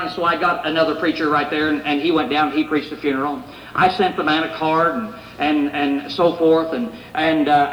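High-voiced preacher in an echoey hall. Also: male voice, a bit bright, far from the mic. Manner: storytelling, building to emphatic preaching. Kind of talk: sermon. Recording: echoey hall, dull lo-fi, faint hiss.

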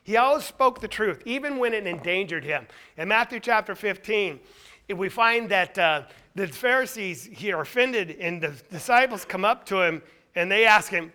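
A man preaching a sermon in a high, lively voice that climbs and dips widely. He presses home his points with rhetorical questions. He swings from loud, stressed lines to near-hushed asides. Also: moderate pace. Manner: emphatic, asks rhetorical questions.

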